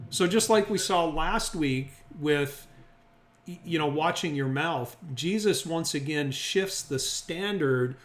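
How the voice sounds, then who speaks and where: A man's voice: on the high side, a bit bright. Man teaching a Bible class, echoey room. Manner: reasoning aloud, checks in with the group often. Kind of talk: interactive Bible lesson.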